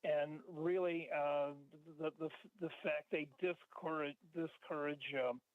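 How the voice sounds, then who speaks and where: Halting male caller on a phone line. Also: a little high, fairly even intonation, no echo. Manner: halting, many restarts and fillers. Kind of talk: call-in talk.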